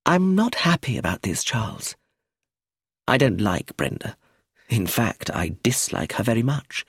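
A woman's voice: a bass voice, big pitch swings, measured pace, vocal fry, slightly rough, dry recording, studio quality, full character voice. A man reading aloud, voicing a stern elderly aunt who speaks grimly and firmly. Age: older. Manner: grim, firm and clipped.

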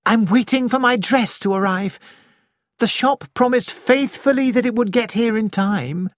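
A reader voicing a lively, restless young woman with a bright, breathless, gushing manner, in an audiobook. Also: medium pitch, measured pace, no echo, studio quality, voice pushed up, close to an everyday voice. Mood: eager. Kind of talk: audiobook character voice.

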